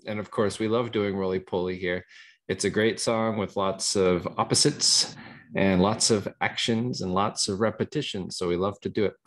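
A man leading songs for young children over a video call, friendly and quick to laugh. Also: on the low side. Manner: friendly, laughs easily, chatty fillers. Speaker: early years facilitator. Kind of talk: children's singalong, casual.

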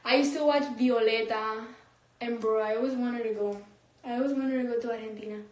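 A woman's voice: on the high side, fairly even intonation, brisk, darkish tone, reverberant. A young woman chatting casually on a phone livestream, reading comments, slangy and laughing often. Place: room, recording a phone livestream.

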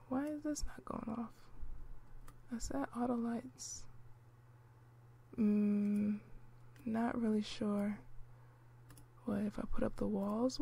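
A woman narrating her life-simulation gameplay in a relaxed, chatty way, with lots of fillers, clearing her throat now and then. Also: on the high side. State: clearing throat, hiccuping and coughing. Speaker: gameplay commentator.

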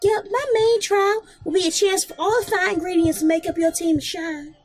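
A woman's voice: very high voice, steady tone, moderate pace, pitched above the performer's own voice. A woman voicing a sweet young country girl with a put-on Southern US drawl in a video game playthrough.

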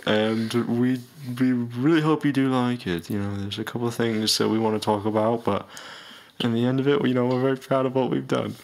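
A man's voice: mid-range voice, steady tone, fairly quick, gravelly, darkish tone. A man in a comedy skit, playing a self-important rapper who lectures earnestly and a bit pompously. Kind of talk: mock-earnest comedy announcement.

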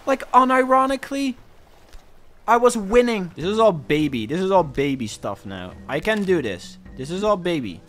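A young man commentating his own gameplay, excitable and swinging between panic and cocky boasting. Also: high voice, moderate pace. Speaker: gaming streamer.

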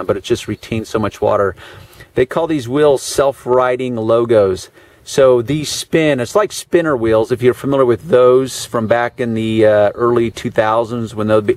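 A man's voice: medium pitch, a little mellow, dry recording. Chatty man touring a luxury car. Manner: chatty, dry sarcastic asides, frequent fillers. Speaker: car detailer giving a walkaround tour. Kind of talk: casual handheld car walkaround. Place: in and around a parked car.

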